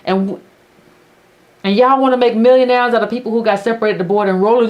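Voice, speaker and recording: A woman hosting a commentary show, blunt and biting in her sarcasm. Her voice sits somewhat high and swings through a wide, lively range. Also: fast. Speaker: host of a political commentary channel. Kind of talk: opinionated commentary monologue.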